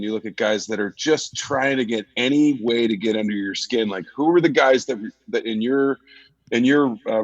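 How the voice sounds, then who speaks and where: A man's voice: fairly low pitch, dry recording. Host guy asking rambly questions, kinda dull lo-fi audio. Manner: hesitant, restarts while asking long questions. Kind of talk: casual chat.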